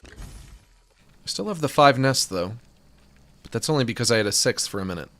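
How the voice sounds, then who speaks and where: A man giving casual, excitable commentary on a video game, swinging between delight and exasperation, with some swearing. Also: medium pitch, measured pace. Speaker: gaming streamer.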